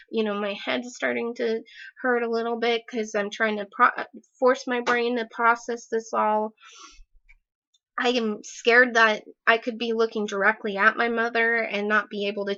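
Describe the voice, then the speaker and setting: A woman with a bright, fairly high voice talks straight to camera in a casual vlog, rambling through fillers and laughing at herself. Her voice has a gravelly fry, and the recording sounds dull and lo-fi. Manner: chatty, rambling, many fillers; self-deprecating laughs. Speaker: vlogger.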